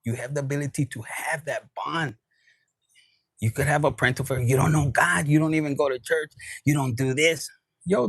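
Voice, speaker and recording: Tarot reader, male, somewhat high, husky, dry close sound, casual and profane. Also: no room sound, rough recording. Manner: casual, profane, mixes in Spanish words. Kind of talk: spiritual reading monologue.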